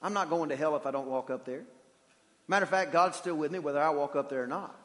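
A high-voiced man preaching in a church, his voice ringing with long reverb through the hall. He is animated, swinging from loud shouts to hushed, quiet stretches. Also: quick pace. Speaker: pastor. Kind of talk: sermon. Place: church sanctuary.

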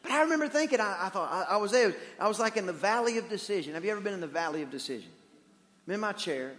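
A high-voiced man preaching in a church, his voice ringing with long reverb through the hall. He is animated, swinging from loud shouts to hushed, quiet stretches. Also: racing. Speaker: pastor. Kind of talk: sermon. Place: church sanctuary.

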